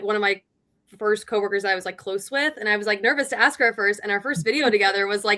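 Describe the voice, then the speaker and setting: A woman's voice: medium pitch, pushed and bright. A young adult woman, a guest teacher on a podcast, upbeat and chatty, saying "like" a lot. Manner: upbeat, heavy use of "like". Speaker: guest, middle school teacher. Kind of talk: casual podcast interview.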